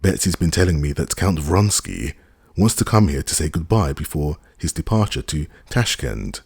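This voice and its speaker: Flustered young wife, hurried and pleading, voiced by a deep, gravelly male reader. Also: very animated, darkish tone, dry recording, studio quality, exaggerated voice. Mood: agitated. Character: agitated young married woman, flushing, hasty.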